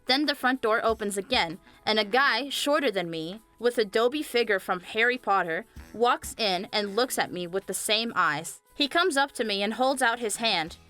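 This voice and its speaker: A young woman narrating a scripted animated story, chatty and speaking straight to viewers. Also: a little high, normal speed, few pauses. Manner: chatty, addresses viewers directly. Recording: faint music behind the voice.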